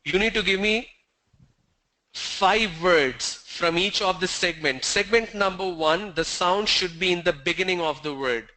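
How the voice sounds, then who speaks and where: A man's voice: high-pitched, measured pace, sharp tone, rough recording. A man teaching a pronunciation class online, spelling words out letter by letter before saying them.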